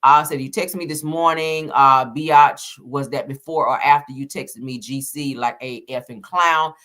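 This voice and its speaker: A woman commentating on celebrity gossip, reading out text messages haltingly with many fillers and casual slang asides. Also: very deep voice, fairly even intonation, fairly bright tone.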